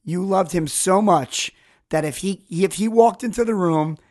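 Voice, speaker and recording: A man's voice: sits high, a little slow, darkish tone. A man from New York with a New York accent, co-hosting a podcast in casual chat, teasing his friend while retelling stories. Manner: teasing, recounts stories dryly. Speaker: podcast co-host.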